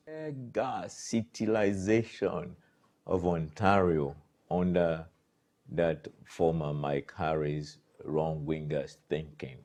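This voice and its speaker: A man's voice: sits low, slow pace, a little mellow. A man delivering an emphatic, preachy political commentary monologue as the host of his own show.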